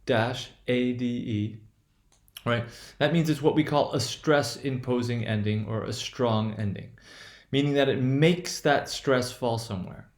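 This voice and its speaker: Hesitant male teacher in an echoey room. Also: mid-range voice. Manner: hesitant, many fillers and restarts; explains slowly and repeats points. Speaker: English pronunciation teacher. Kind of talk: recorded video lesson.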